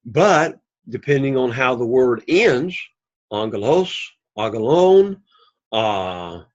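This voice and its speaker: A man's voice: mid-range voice, big pitch swings, takes it slowly, highs cut off. A man teaching a Greek class, saying each word several times over and explaining where the accent falls. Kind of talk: recorded language lesson.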